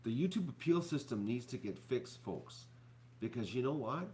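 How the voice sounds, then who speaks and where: A man hosting his own channel, talking to viewers in a rambling, halting way full of fillers and restarts, sounding depressed and upset. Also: mid-range voice, expressive, darkish tone, a little hiss or hum. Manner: halting, repeats words, many fillers. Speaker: YouTuber host. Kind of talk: rambling live-stream talk to viewers.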